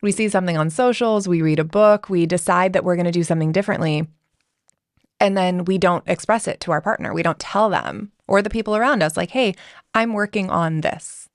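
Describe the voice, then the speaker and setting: A woman's voice: lowish voice, expressive, fairly quick, dry recording, studio quality. A woman coach and parent, speaking reflectively in a podcast interview and acting out small dialogue examples. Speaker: guest, communication coach.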